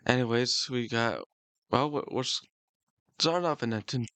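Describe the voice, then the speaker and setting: A man's voice: mid-range voice, normal speed, fairly bright tone, dry recording. A man co-hosting a podcast in casual chat, agreeable and giving short replies. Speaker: podcast co-host.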